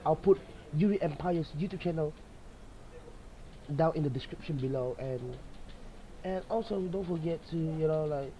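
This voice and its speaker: Guy doing a casual channel outro, super mellow dark voice, kinda high, lots of umms and restarts. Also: normal speed, pauses often, slight background noise, rough recording. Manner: hesitant, full of fillers and restarts. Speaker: YouTube channel host. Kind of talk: casual vlog talk.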